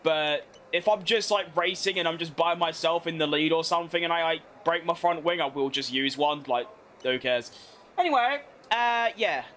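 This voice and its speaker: Playing a racing game, a young man with a fairly bright voice on the high side offers casual gameplay commentary at normal speed, with a little hiss or hum in the background. He pokes fun at himself, rambles and often starts sentences over.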